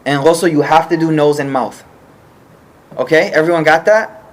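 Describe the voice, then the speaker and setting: A man's voice: fairly high pitch, normal speed. A man teaching an informal religious study class, explaining patiently and checking often that the group follows.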